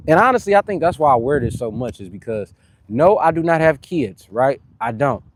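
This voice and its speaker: Mid-workout on a live stream, a young man from California with a local accent chats in slang, gives viewers shout-outs, and is slightly out of breath between sets. He's very animated and brisk, with a mid-range voice and a little hiss or hum in the audio.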